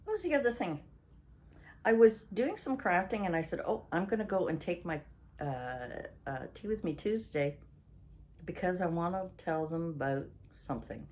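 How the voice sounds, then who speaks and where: A woman's voice: fairly low pitch, lively intonation, moderate pace, darkish tone. A woman in her sixties from Canada, hosting a chatty craft vlog, rambling and losing her train of thought, then ranting indignantly. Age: 60s. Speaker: craft channel host.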